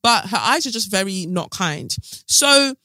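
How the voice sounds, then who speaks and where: Sassy man, bright voice. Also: high-pitched, animated, a little slow, dry recording. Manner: sassy, chatty, sarcastic asides. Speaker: podcast host. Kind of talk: casual gossip commentary.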